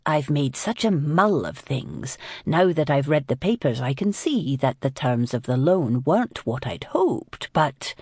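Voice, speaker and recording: A woman's voice: deep voice, very animated, a little slow, few pauses, a little mellow, husky, no room sound, studio quality, voice pushed down, exaggerated voice. A woman narrator voicing a flustered, apologetic older father with white hair who rambles sheepishly and defensively.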